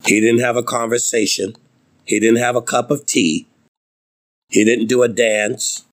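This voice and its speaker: A man preaching a sermon, reading scripture with emphatic, dramatic delivery and big swings in pitch.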